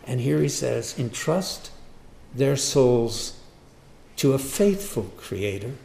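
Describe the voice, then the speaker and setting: A man preaching a sermon, repeating lines for emphasis and moving between quiet asides and loud bursts. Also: mid-range voice, very animated, slow, creaky, reverberant. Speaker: pastor.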